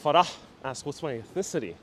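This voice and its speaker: A man from New York City, with a voice a bit high for a man, leads a live walking tour outdoors on city streets. He chats easily with viewers, reading their comments aloud and answering them. Faint traffic hums behind him. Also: animated, a little fast. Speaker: walking-tour livestream host.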